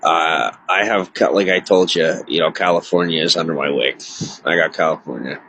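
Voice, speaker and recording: A man's voice: very deep voice, normal speed, a bit bright, husky, rough recording. A man live-streaming to viewers alone, distressed and near tears, rambling with many filler words. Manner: rambling, heavy on filler words, self-interrupting. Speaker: livestreamer.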